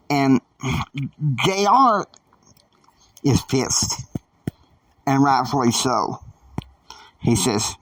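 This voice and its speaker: A man narrating an improvised family saga in a halting, rambling way, full of fillers, recorded dry from a distant mic. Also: mid-range voice, big pitch swings, a bit bright, dry recording. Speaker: storyteller.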